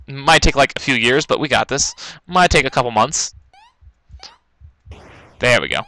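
A young man casually rambling through a let's-play, breaking into loud excited outbursts, recorded on a laptop in his bedroom. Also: medium pitch, normal speed, dry recording, poor audio. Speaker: gaming commentator. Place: bedroom, kneeling at a laptop on the bed. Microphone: laptop mic.

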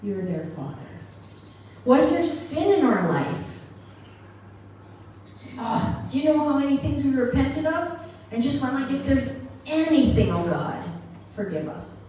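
A woman's voice: high-pitched, big pitch swings, unhurried, long pauses, warm tone, a little hiss or hum. A middle-aged woman giving a sermon with a personal testimony, telling her story earnestly and acting out the voices she quotes. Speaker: guest speaker. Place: church hall. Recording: roomy live-stream from far off.

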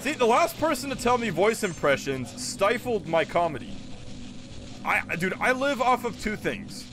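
A man streaming a video game live, chatting casually, excitable and quick to laugh and break into goofy voice impressions. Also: high-pitched, over music.

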